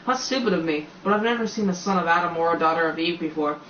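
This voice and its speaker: A man's voice: on the high side, fast talker, sharp tone, slight background noise. A man voicing a courteous, shy, slightly melancholy male faun in a storybook, with fussy, formal, old-fashioned politeness. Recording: roomy, slightly dull home recording.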